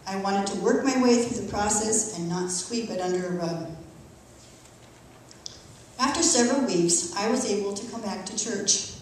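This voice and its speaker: A middle-aged woman reads her personal testimony aloud in church, earnest and emotional yet steady. Her medium voice carries through a strongly echoing sanctuary from a distant microphone, with a faint hum of room noise beneath. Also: mid-range voice. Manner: earnest, emotional, measured reading. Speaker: church member giving testimony. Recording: echoey church from far off.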